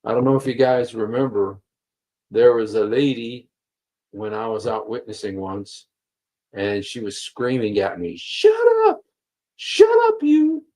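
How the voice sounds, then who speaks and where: Reading passages aloud during his livestream, this man comments emphatically, repeating key phrases and using lots of fillers. His fairly low, darkish voice keeps a steady tone at a measured pace. He's on a computer mic, and the audio is poor.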